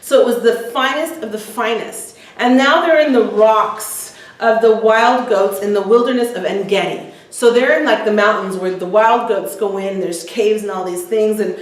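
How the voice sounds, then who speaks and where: A woman's voice: medium pitch, normal speed, hardly any pauses. A woman teaching a women's Bible study, retelling scripture in casual everyday words with frequent ums. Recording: echoey room, voice from far off the mic.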